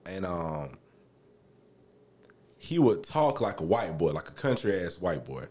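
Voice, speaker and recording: Lively low-voiced man. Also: measured pace. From Alabama, US. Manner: animated, swearing, acts out quotes in high voices. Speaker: podcast co-host. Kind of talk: casual storytelling chat.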